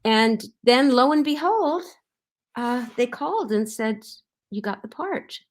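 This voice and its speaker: A middle-aged actress recalling her time on a show in a relaxed interview, rambling with many fillers and restarts. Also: a little high, slow pace. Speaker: actress guest. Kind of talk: casual interview anecdotes.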